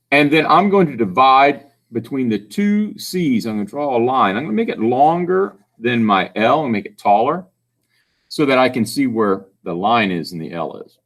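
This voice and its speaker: A man's voice: mid-range voice, a bit bright. A man giving a phonics lesson to children, patiently sounding out words syllable by syllable. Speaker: reading tutor.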